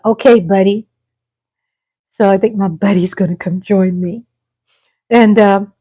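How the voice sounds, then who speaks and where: A middle-aged woman hosting a live stream, chatting casually in a rambling way with frequent pauses and restarts. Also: mid-range voice, a little mellow, poor audio.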